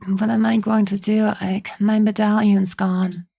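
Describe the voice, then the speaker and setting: A woman's voice: mid-range voice, level tone, measured pace, gravelly, dark tone, voice pushed up. A woman doing a tearful young girl. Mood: distraught. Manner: pleading, tearful.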